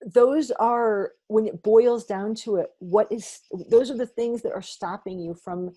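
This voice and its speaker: A woman's voice: a little high, measured pace, mellow, slightly rough. A woman career coach talking as a guest, earnest and encouraging. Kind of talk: interview conversation.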